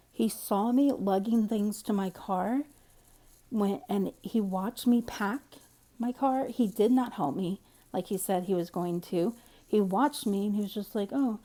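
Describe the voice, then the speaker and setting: A woman's voice: mid-range voice, warm tone. A woman telling a personal story in a candid, rambling, conversational way. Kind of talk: casual storytime monologue.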